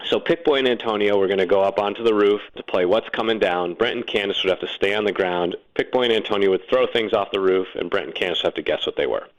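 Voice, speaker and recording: A man being interviewed, casually telling lively behind-the-scenes stories and acting out the quotes. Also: on the low side, quick pace, few pauses, muffled recording. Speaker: guest, former kids' TV host and producer.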